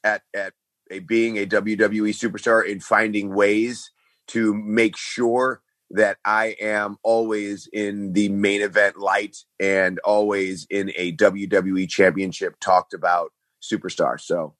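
A middle-aged man telling stories as a guest in a casual interview, animated and acting out quotes in different voices. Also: fairly low pitch, slow, no echo. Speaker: guest, pro wrestling star.

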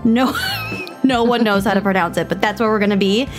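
A woman's voice: medium pitch, huge pitch swings, fairly quick, faint music behind. A woman co-hosting a podcast, bubbly and giggly in casual chat. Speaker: podcast co-host.

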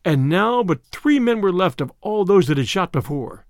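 A man narrating a classic storybook tale in an expressive reading of archaic prose. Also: high voice, moderate pace, no echo, studio quality.

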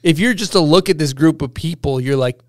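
A man telling animated stories in casual podcast chat, laughing as he goes. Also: on the high side, fairly quick, dry recording, clean studio sound. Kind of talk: casual storytelling.

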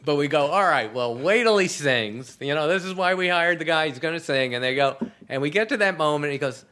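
A man's voice: fairly high pitch, expressive, brisk, sharp tone. A man guest in an interview, telling anecdotes and acting out quoted dialogue, laughing often. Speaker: guest, TV comedy writer. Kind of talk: casual storytelling in an interview. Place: apartment.

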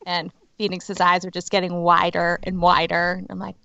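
A woman's voice: on the low side, little pitch movement, normal speed, vocal fry, pushed and bright, no room sound, lo-fi sound. A woman co-hosting a casual podcast chat, telling a story expressively. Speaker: podcast co-host.

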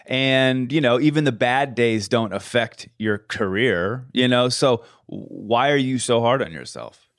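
A man's voice: mid-range voice, measured pace, a bit bright, dry recording, studio quality. A man hosting a podcast, talking candidly and swearing freely. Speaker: podcast host. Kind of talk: casual podcast chat.

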